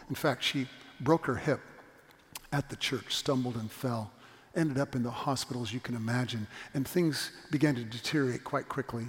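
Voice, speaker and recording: A middle-aged male pastor with a gravelly mid-range voice preaches in a church sanctuary, earnestly telling a story and emphatically repeating his point. The long reverb of the church hall fills the recording.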